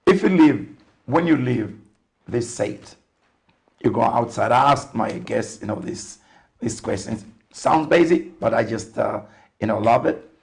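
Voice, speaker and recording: Older guy hosting a tv talk show, gravelly voice, slow easy delivery with lots of uh and you know. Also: medium pitch, animated. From Zambia. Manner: unhurried, warm sign-off phrases, frequent fillers. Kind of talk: TV interview show.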